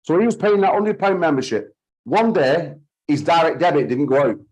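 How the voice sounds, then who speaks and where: A man's voice: on the high side, lively intonation, normal speed, a little mellow, slight background noise, poor audio. Sweary heated man ranting. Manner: heated, sweary, repeats himself. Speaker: podcast host. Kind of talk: ranting call-in chat.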